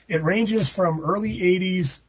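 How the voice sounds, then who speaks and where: Husky man telling rambling stories. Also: high-pitched, measured pace. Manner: rambling anecdotes with laughing outbursts. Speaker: podcast host. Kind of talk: casual storytelling. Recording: muffled dry lo-fi recording.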